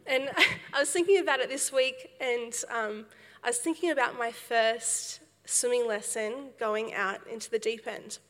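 A young woman preaching with a bright, forceful voice that sits a little high. She tells her story in a lively way, acting out quotes as she goes. Her voice rings with the long reverb of a hall. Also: normal speed. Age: young adult. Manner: storytelling with laughs and acted quotes, animated. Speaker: speaker at a church service. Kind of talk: sermon.

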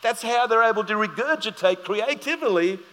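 A man's voice: high-pitched, animated, normal speed, bright, forceful tone, long reverb tail. A man preaching a sermon as pastor, telling stories animatedly and acting out both sides of a conversation.

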